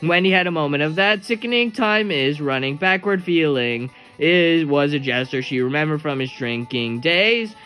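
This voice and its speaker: A man reading a novel aloud in a steady storytelling manner. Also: on the high side, normal speed, hardly any pauses, smooth. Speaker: narrator. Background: faint music.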